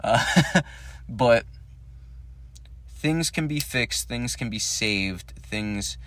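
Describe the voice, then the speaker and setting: A man's voice: mid-range voice, lively intonation, drawn-out words, a bit bright. A man hosting a solo podcast, talking in a rambling monologue that searches for words and swears casually. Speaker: podcast host.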